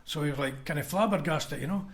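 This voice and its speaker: A man's voice: a little high, fast talker. A Scottish man, a former union convener, telling blunt anecdotes in a casual podcast chat and acting out what others said. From Scotland. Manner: anecdotal, blunt, acts out quoted voices.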